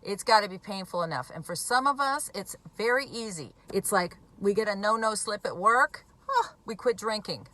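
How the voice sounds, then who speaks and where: A woman's voice: mid-range voice, animated, normal speed, bright, forceful tone. A woman in recovery from alcoholism talking bluntly and emphatically to camera, swearing freely. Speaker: recovering alcoholic speaking on addiction. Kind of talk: direct-to-camera talk.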